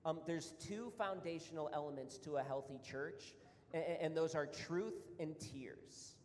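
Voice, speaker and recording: A man's voice: on the high side, unhurried, a little mellow, a little hiss or hum. A man preaching a sermon as a pastor, reading scripture aloud and then explaining it in an earnest, emphatic way, a little out of breath. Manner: earnest, rising to emphatic repetition. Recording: long reverb of a hall.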